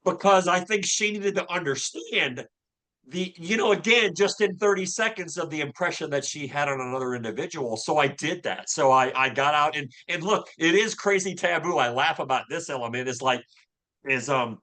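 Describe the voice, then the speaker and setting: A man's voice: a little high, expressive, normal speed, bright, forceful tone. A man in his fifties telling a personal faith story as a podcast guest, earnest and full of restarts and fillers. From Louisville, Kentucky. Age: 50s. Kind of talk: personal storytelling in a casual interview.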